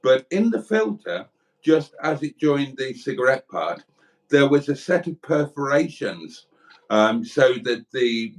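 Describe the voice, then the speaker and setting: A man's voice: medium pitch, rough recording. A middle-aged man co-hosting a livestream, telling rambling, crude, joking anecdotes in casual banter. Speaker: livestream co-host.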